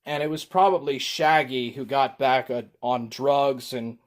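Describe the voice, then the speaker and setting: Male livestreamer, slow and rambling, mid pitch, casual chat. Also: fairly even intonation. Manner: rambling, slow, with frequent ums.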